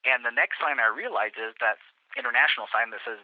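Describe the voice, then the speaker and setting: A man's voice: medium pitch, fast, no room sound. Man telling a story over a tinny phone line. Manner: animated storyteller, acts out quotes. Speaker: guest traveler. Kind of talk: casual storytelling interview.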